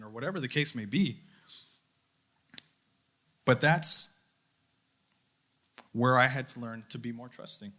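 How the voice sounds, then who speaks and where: A man's voice: medium pitch, unhurried, pauses often, pushed and bright. A young adult man, a youth leader, giving a sermon, telling a personal story in an earnest way and acting out his own thoughts. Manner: earnest storytelling with quoted inner voice.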